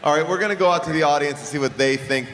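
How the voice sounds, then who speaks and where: A man hosting a live comedy podcast in front of an audience, quick and joking as he leads the show. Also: on the high side, fairly bright tone, long reverb tail, a little hiss or hum. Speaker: podcast host.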